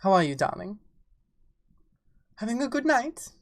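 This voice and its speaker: A woman with an English accent, talking at an ordinary mid pitch. She chats casually and playfully with her stream viewers and calls them darling. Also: sing-song, unhurried. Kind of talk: casual livestream chat.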